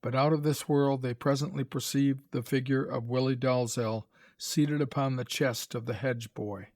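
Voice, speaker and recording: A man's voice: medium pitch, no room sound. Man narrating a graded reader story. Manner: measured, even storytelling.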